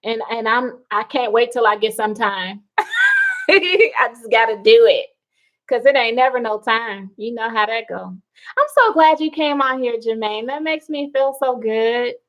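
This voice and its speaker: A woman hosts a late-night live stream from home, answering viewer comments in an easygoing, unhurried way. Her voice sits a little high, and she laughs often between remarks. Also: low-quality recording. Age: adult with children. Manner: chatty, laughs often, slow and relaxed. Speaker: livestream host reading viewer comments. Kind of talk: casual live chat.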